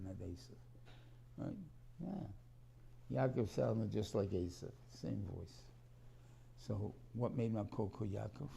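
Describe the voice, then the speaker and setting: A man leads a Torah class in a meandering, conversational manner, often restarting sentences and sprinkling in Hebrew terms. His medium-pitched voice is creaky and dark, with slight background noise.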